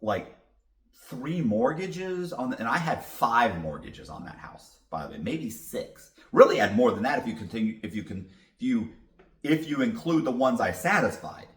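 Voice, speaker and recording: A man's voice: medium pitch, very animated, moderate pace, fairly bright tone, distant mic. A man telling a story as a podcast guest, casual and blunt, swearing freely. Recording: roomy echo.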